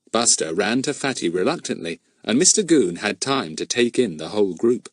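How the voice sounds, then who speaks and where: A man narrating a children's storybook in an expressive storytelling manner. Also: lowish voice, moderate pace, few pauses, slightly rough, no room sound, clean studio sound. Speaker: audiobook narrator. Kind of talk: scripted narration.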